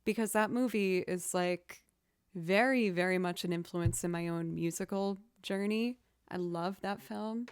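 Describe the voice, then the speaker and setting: A woman hosting a casual livestream chat, answering viewer questions as a chatty, expressive storyteller. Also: fairly low pitch, measured pace, clear, resonant tone, no room sound. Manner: chatty, expressive storyteller who acts out quoted reactions.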